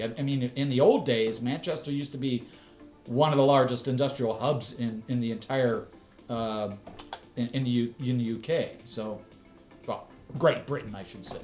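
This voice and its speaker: A mid-pitched American man hosting his own channel, keeping up a loose, rambling running commentary full of small asides. His voice is ordinary and unforced, with faint music playing underneath. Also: normal speed, a little mellow. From United States. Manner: chatty, rambling asides with laughs. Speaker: channel host. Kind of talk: casual reaction commentary.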